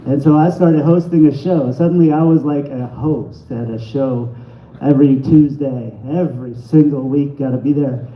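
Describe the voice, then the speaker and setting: A man doing a rambling, self-deprecating stand-up set at an open mic, halting and restarting as he goes. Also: a little high, steady tone. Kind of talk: stand-up set with crowd work. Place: small bar comedy venue. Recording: echoey, dull-sounding room recording.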